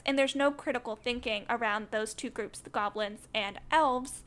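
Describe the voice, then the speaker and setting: A woman with a fairly high voice co-hosts a podcast in loose, casual discussion. She argues her points earnestly and with conviction, dropping "like" and "um" as she goes. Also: moderate pace, few pauses, fairly bright tone. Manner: opinionated, earnest, frequent "like" fillers. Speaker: podcast co-host.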